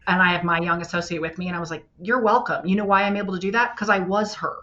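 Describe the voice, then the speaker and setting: A woman family law attorney, a podcast guest, talking bluntly and with plenty of profanity, telling animated stories. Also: on the low side, very fast, dull audio. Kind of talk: candid podcast interview.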